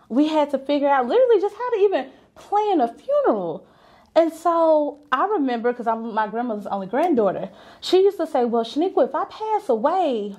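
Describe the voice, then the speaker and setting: A woman's voice: sits high, a little mellow. A young adult woman and business owner telling a personal story candidly and conversationally, acting out the voices she quotes.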